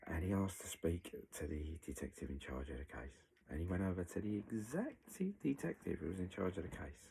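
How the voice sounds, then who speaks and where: A man with a very low, gravelly voice recounts a story in a blunt, animated way, mimicking the people involved and swearing as he goes. A faint noise sits behind the recording. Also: a little fast, few pauses, poor audio. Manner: blunt, animated retelling with acted quotes and swearing. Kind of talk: storytelling recollection.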